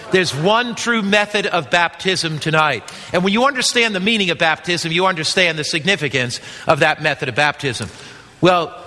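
A man's voice: fairly high pitch, bright, forceful tone. A man preaching a sermon, emphatic and quizzing his listeners with questions. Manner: emphatic, asks the audience questions. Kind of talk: evangelistic sermon. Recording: long hall reverb.

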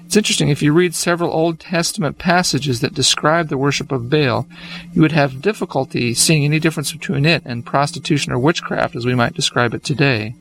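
Steady, explanatory man, slightly high voice. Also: a little fast, vocal fry, rough recording. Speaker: co-host. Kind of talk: religious discussion.

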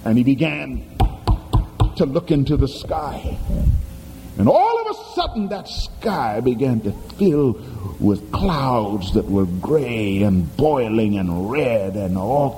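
Brief: male preacher, animated sermon with sudden swoops in pitch, calls to the congregation, mellow tone, echoing church hall. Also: a little hiss or hum. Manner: dramatic storytelling with sudden leaps in pitch. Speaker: pastor.

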